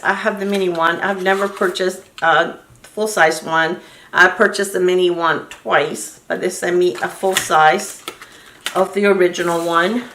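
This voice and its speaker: A woman's voice: medium pitch, a bit bright. A woman in her sixties chatting enthusiastically as a beauty vlogger unboxing products in a casual, gushing way. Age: 60s. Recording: roomy echo, distant mic, faint noise.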